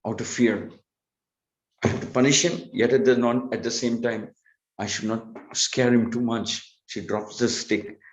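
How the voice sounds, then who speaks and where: A man preaching a devotional lecture, telling a sacred story in an animated way and acting out its characters. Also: on the low side. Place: temple hall. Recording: dull, echoey temple hall recording.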